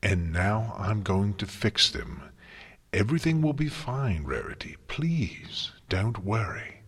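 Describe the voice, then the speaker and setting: A man's voice: on the low side, sing-song, slow pace, fairly bright tone, slightly rough, full character voice. A man voicing an exhausted, irritable female pony princess who talks in curt, weary phrases. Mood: strained. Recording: long hall reverb.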